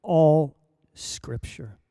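An older man preaching, telling a personal story in a lively anecdotal way with acted-out quotes. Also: fairly high pitch, very slow, vocal fry, no room sound, studio quality. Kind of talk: sermon storytelling.

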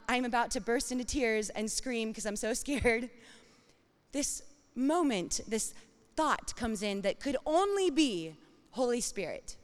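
A mother in her thirties telling a personal story with dramatic, expressive swings between hushed and loud. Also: fairly high pitch, clear, resonant tone, big-room sound.

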